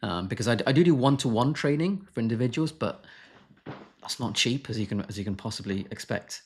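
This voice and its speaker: A man's voice: mid-range voice, expressive, fairly quick, a little hiss or hum. A man who is a doctor answering viewer questions on a live stream, frank and blunt, brushing off marketing claims.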